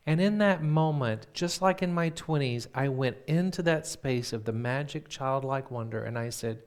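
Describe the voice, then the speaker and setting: A man's voice: medium pitch, normal speed, few pauses. Man telling a sermon story. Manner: acts out dialogue with lively voices for each person; turns quiet and reflective when preaching. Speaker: minister.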